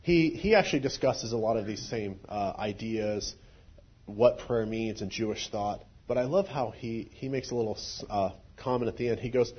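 A male pastor who teaches in a measured, explanatory way. His voice sounds husky, and the recording is muffled. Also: fairly low pitch. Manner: thoughtful, explanatory. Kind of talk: sermon teaching.

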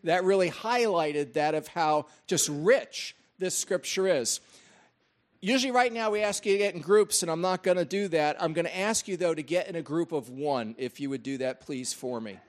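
A man's voice: on the high side, moderate pace. A man pastor addressing his congregation in a friendly, conversational way. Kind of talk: sermon introduction. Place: church hall.

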